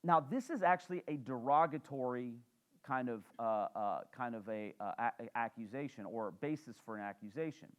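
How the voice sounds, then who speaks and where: A male pastor teaches the congregation through a sermon. His delivery is relaxed and conversational, full of small fillers and restarts. He often turns to the room with questions. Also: mid-range voice, normal speed. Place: church.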